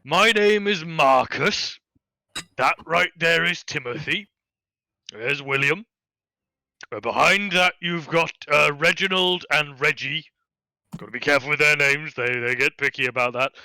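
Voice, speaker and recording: A man voicing a loud, jovial, heavyset male ship captain who talks slowly and heartily. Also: dry recording, full character voice, poor audio. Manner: booming, slow, hearty.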